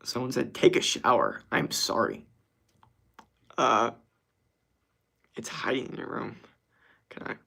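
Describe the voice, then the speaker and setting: A man's voice: mid-range voice, big pitch swings, takes it slowly, gravelly, long pauses, sharp tone, slightly rough. A young man streaming casually, reading viewer comments aloud in a laid-back way and laughing easily. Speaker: streamer answering chat. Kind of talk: casual livestream chat.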